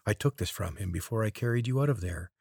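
A man's voice: fairly low pitch, lively intonation, quick pace, creaky, a little mellow, breathy edge, no room sound, clean studio sound, pitched above the performer's own voice, full character voice. A man voicing a bossy young woman scout who speaks in an urgent, hissing way. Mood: urgent, sly.

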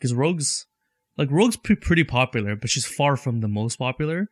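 A man's voice: mid-range voice, big pitch swings, fairly quick, dry recording, studio quality. Laughing young man rambling about a film. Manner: laughs often, rambling with restarts. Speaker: movie watch-along co-host. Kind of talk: casual chat.

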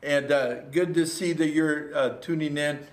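A man with a slightly high, fairly even voice preaches a little slowly in a livestreamed sermon. As pastor, he's earnest, repeats phrases, and builds up to exhortation. The church room is echoey.

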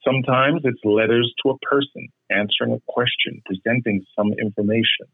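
A man leading a Bible study, explaining and correcting in a measured, patient way. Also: mid-range voice, steady tone, gravelly, breathy edge. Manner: measured, explanatory, repeats words when correcting. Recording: muffled phone-line sound.

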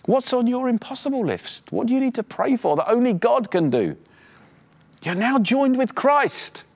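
A man preaching a sermon as pastor, exhorting his listeners fervently, his voice climbing in pitch as he urges them on. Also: very animated, creaky. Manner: quieter, halting prayer. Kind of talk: sermon with closing prayer.

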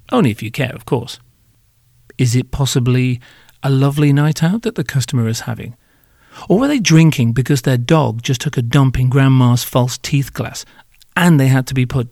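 A man's voice: medium pitch, vocal fry, a little mellow, no room sound, studio quality. A man hosting a podcast, delivering advice to hospitality workers in a joking, sardonic, irreverent monologue.

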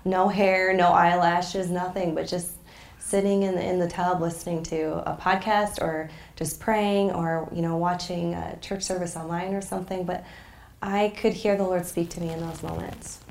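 A woman's voice: fairly low pitch, level tone, normal speed, roomy sound. A woman guest on a faith podcast, talking in an earnest, reflective way and getting emotional as she shares. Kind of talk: casual faith conversation.

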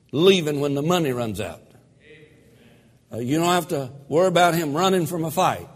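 A man preaching a sermon as pastor, slow and emphatic with dramatic pauses and rising emphasis. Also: a little high. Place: church sanctuary. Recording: echoey church hall.

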